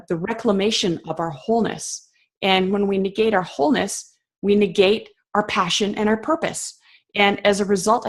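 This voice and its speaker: A woman speaking as a guest in a conversational interview, talking passionately and emphatically with reflective pauses and fillers. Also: medium pitch.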